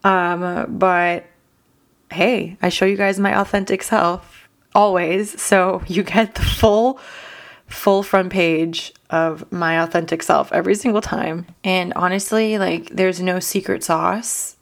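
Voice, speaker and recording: A woman's voice: on the low side, steady tone, slow. A young woman hosting a podcast, talking earnestly and emotionally with a voice cracking from crying, full of "like" and "you know". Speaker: podcast host. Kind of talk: casual solo podcast talk.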